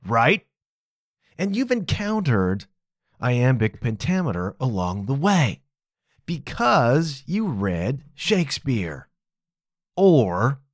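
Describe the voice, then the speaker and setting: A man's voice: mid-range voice, dry recording, clean studio sound. A man hosting a podcast, explaining a topic in a casual, emphatic solo talk. He keeps checking in with "okay?" and chuckles at his own asides. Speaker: podcast host.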